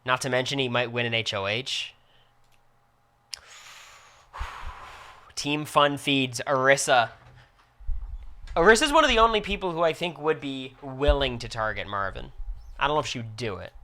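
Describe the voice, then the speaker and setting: A young man giving casual, reactive play-by-play commentary on a live stream. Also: mid-range voice. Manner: quick, reactive play-by-play with excited outbursts.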